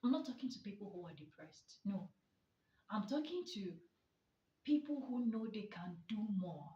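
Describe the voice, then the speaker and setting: A woman's voice: mid-range voice, very animated, moderate pace, mellow. A woman giving a motivational talk as a therapist, emphatic and rhetorical with mocking asides. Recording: echoey, distant, dull sound.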